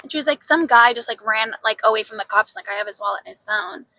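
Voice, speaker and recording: A woman's voice: on the high side, fast, sharp tone, rough recording. A young woman co-hosting a podcast, telling a story in casual chat, full of "like" and swearing freely. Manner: chatty storyteller, heavy use of "like", swears freely. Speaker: podcast co-host.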